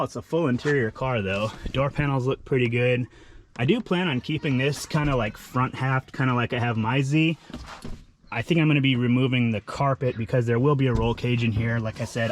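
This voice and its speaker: A man's voice: mid-range voice, a little hiss or hum. A young man from California, casually walking around a wrecked car he plans to rebuild, upbeat and full of fillers like "um" and "like". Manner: enthusiastic, filler-heavy, talks with his hands. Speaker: car vlogger. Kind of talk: casual walkaround vlog.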